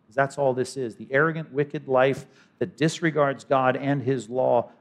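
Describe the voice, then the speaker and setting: A man preaching a sermon as pastor, swinging from loud to hushed and voicing imagined speakers. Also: mid-range voice, steady tone, normal speed. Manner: dynamic preaching, voices imagined speakers, sudden drops to quiet.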